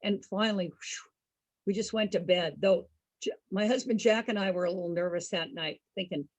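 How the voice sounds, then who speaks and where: A woman with a husky voice telling a casual story to an online group over a video call, chatty and calling her listeners folks. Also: mid-range voice, moderate pace, no room sound, poor audio. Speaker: storyteller host.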